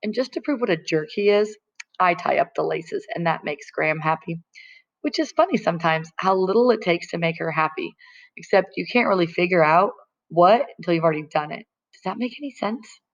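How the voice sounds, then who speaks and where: Lady reading a chapter book out loud, chatty narration, lowish voice, dull lo-fi sound. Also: expressive, a little fast. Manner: plain conversational narration. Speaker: audiobook reader. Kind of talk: first-person novel reading.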